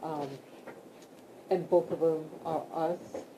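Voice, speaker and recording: A woman vlogging casually from her bed at home, talking slowly with many fillers and restarts. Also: deep voice, flat delivery. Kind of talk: casual talk to camera. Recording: loud background hiss.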